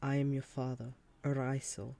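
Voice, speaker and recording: A storyteller voicing a grieving alien clan father who has just found his lost child, speaking softly and with emotion. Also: mid-range voice, little pitch movement, moderate pace, vocal fry, close to an everyday voice. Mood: tender.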